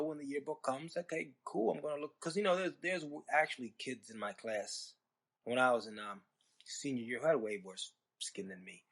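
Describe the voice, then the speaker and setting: Guy on his podcast mic telling a long story, husky, mid pitch, loose and sarcastic. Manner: rambling, conversational, sarcastic asides. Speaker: podcast host. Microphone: podcast microphone.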